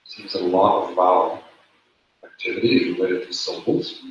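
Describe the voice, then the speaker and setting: A man's voice: sits low, level tone, normal speed, slight background noise. A man teaching a classroom lesson, explaining rules step by step and repeating the key points. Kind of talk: classroom lecture. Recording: echoey room, dull lo-fi sound.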